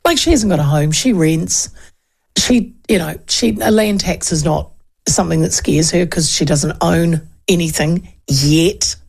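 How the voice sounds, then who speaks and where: A woman's voice: lowish voice, a little slow, vocal fry, a little mellow, breathy edge. A woman in her fifties with a New Zealand accent, hosting a talk show and chatting loosely about polls with rambling asides. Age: 50s. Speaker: radio talk show host. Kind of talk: casual political commentary.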